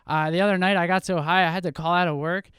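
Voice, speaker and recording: Jersey guy doing standup, self-deprecating, super clean clear voice, dry close mic. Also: sits high, quick pace, no echo. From New Jersey. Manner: self-deprecating, relaxed deadpan delivery. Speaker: stand-up comedian. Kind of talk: stand-up comedy set. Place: comedy club stage.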